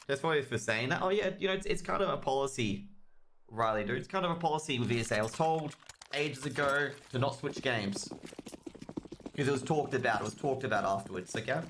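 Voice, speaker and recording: With a mid-range voice and a slight amount of background noise, this Australian man casts a video game match live on his own. He's quick and talkative, livens up on big plays and trades jokes with his chat.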